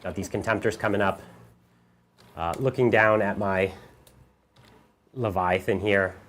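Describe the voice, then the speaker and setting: A man's voice: lowish voice, measured pace. A man explaining game rules and the tabletop to viewers in a casual live stream. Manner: animated, walks viewers through rules. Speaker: player and commentator.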